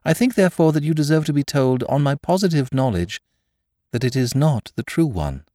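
A man voicing a quiet, humble little old priest who speaks in a mild, measured way. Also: a little high, lively intonation, dry recording, studio quality, pitched above the performer's own voice, natural voice. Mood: respectful.

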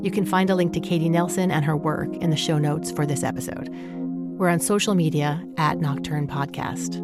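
Low-voiced woman narrating over music. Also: fairly even intonation, normal speed. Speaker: podcast host and narrator. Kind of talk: scripted narration.

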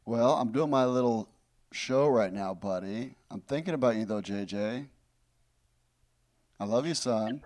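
A man who is a comedian and podcast co-host, talking in a relaxed, affectionate, chatty way. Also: mid-range voice, measured pace, pauses often. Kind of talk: casual podcast chat.

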